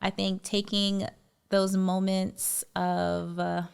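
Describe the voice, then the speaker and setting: A woman co-hosting a casual podcast, speaking in a relaxed, reflective way. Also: medium pitch, slow pace, gravelly, clear, resonant tone. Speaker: podcast co-host.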